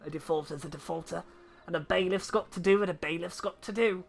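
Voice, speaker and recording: A woman voicing a gruff middle-aged male ex-pirate turned debt collector, swaggering and full of seafaring slang. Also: fairly low pitch, fast talker.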